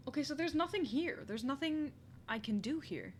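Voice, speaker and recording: Casual, playful streamer, reads game text aloud, lots of giggling, chatty gaming stream. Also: female voice, high-pitched, very animated, fairly quick, a little hiss or hum. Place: home desk with a squeaky chair.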